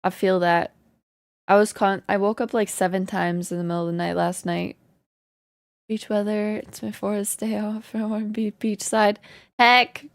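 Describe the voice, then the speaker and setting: A woman streamer chatting casually with her viewers, greeting them and laughing often, her voice slightly hoarse. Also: medium pitch, little pitch movement, moderate pace, darkish tone, no room sound. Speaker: live streamer. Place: home in Canada.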